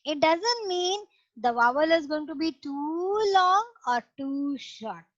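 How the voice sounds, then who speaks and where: A woman teaching a young class online, explaining slowly and patiently step by step. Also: sits high, lively intonation, dry recording. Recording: dull lo-fi online class audio.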